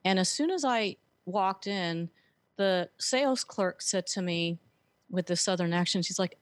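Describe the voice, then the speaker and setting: A woman's voice: medium pitch, unhurried, dry recording. A woman telling her story earnestly as a guest, with frequent fillers. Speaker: guest, author and speaker. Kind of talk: conversational interview.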